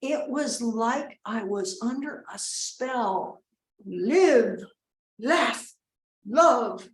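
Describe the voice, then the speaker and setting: A woman's voice: fairly high pitch, expressive, drawn-out words. An actress playing a rambling middle-aged mother giving a wedding toast, who keeps breaking off to scold and coax her family. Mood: chatty. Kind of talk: comedic monologue. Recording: roomy echo.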